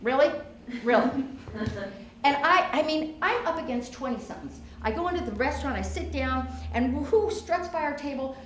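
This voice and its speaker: A middle-aged woman doing a brassy, confiding one-woman stage monologue, her voice fairly high. She swings between loud and soft. The sound is roomy, with steady noise behind. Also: a little fast, hardly any pauses. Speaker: solo comedian.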